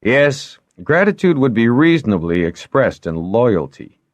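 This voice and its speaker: Guy doing a calm wry older lord, voice pitched up a bit, dry close sound. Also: unhurried, no echo. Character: older man, placid, dry guardian and lord.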